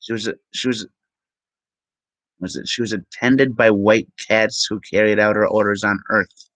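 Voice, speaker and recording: A man vlogging and reading aloud from the screen, halting with ums and self-corrections. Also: on the low side, steady tone, fairly bright tone, no echo, poor audio. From Minnesota. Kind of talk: reading aloud from web pages.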